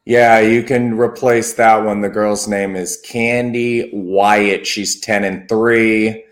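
A man with a fairly low voice talks in a roomy, echoing space. He co-hosts a casual sports chat in a measured, analytical way and backs his points with records and stats. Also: flat delivery. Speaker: podcast co-host. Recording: roomy echo.

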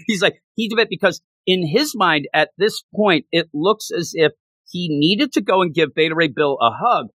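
A man excitedly recapping a comic book issue in casual chat, laughing and acting out lines as he goes. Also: high voice, moderate pace, dry recording. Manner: animated, laughs while retelling, acts out quotes. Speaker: comic book podcast co-host.

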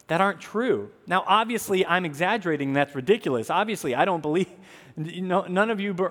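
A man's voice: on the high side, a bit bright. A man in his thirties from the American South, preaching a sermon in an earnest, conversational way with asides to the congregation. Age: 30s. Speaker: pastor. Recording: long hall reverb.

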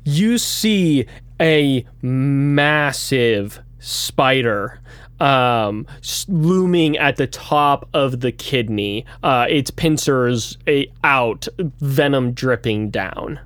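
A game master narrating a tabletop game in a halting way, with many fillers and restarts. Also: mid-range voice, lively intonation, fairly bright tone, no room sound.

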